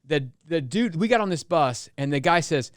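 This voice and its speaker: A man's voice: fairly high pitch, animated, moderate pace. A man hosting a podcast, rambling through a story with plenty of swearing. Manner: rambling, swears, reads timestamps aloud. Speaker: podcast host. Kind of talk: casual podcast chat.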